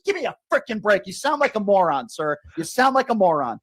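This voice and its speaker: A man's voice: extremely high pitch, animated, brisk, few pauses, fairly bright tone. A man hosting a call-in show, arguing hotly with a caller, repeating his questions and talking over him. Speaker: show host. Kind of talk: heated political call-in argument.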